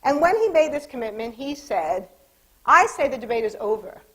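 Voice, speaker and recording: Wry, measured woman lecturer. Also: a little high, big pitch swings, a bit bright, poor audio. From California, United States. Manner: wry, measured speaker with dry asides. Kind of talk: public lecture.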